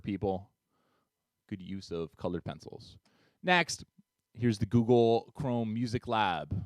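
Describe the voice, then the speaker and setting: A man teaching a music tutorial, upbeat and chatty, counting beats out loud as he demonstrates. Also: fairly low pitch, no echo. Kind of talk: screen-share tutorial.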